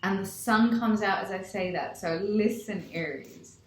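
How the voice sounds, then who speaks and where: A woman's voice: medium pitch, unhurried, hardly any pauses, a little hiss or hum. A woman giving an effusive tarot reading to camera, gushing and repeating her affirmations. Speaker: tarot reader. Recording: echoey room.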